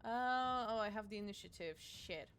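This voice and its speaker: A woman's voice: mid-range voice, moderate pace, a bit bright, a little hiss or hum. A woman streaming a video game, chatting casually and talking back to the characters on screen in a self-mocking way. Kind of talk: casual gameplay commentary.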